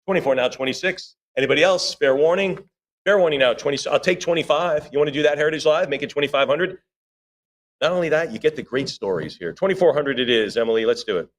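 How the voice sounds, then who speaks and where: In an auction room, a male auctioneer calls bids rapidly during a live sale, stopping now and then for chatty asides to bidders and staff. His voice sits in the mid range.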